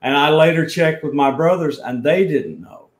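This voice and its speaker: A man with a South Alabama Southern accent, telling a story as a guest in an unhurried, rambling way. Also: a little high, big pitch swings. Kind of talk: storytelling in a podcast chat. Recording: roomy echo.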